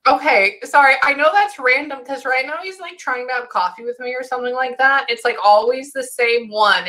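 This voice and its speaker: A woman giving a casual reading as a psychic medium, halting often to listen and sometimes dropping into soft near-whispers. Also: mid-range voice. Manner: halting, keeps breaking off to listen. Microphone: recorded session.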